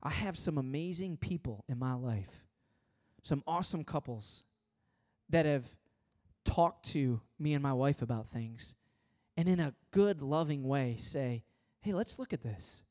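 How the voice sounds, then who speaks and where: A man's voice: mid-range voice, measured pace, mellow. A middle-aged man preaching a conversational sermon, emphatic and full of repetition and anecdotes. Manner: emphatic, repetitive, anecdotal, talks straight to the congregation. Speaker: pastor.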